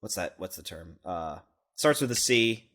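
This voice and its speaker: A man's voice: sits low, expressive, normal speed, fairly bright tone. A man co-hosting a comedy podcast who rambles through a story, swearing and laughing often. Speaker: podcast co-host. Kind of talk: casual comedic chat.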